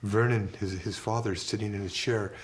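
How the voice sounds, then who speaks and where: An older man recalling events in a documentary interview, telling it vividly in the present tense and softening the quoted voices. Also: fairly low pitch, steady tone, brisk.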